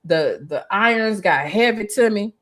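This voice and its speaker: In a casual interview, a former hairstylist in middle age recounts a story at an unhurried pace and a medium pitch. Lively in manner, she often starts over mid-thought and acts out whoever she's quoting.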